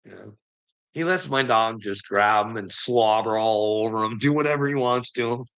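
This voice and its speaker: A man's voice: lowish voice, measured pace, a bit bright, smooth. A man ranting casually on a livestream, swearing freely, laughing often and calling his viewers "bud".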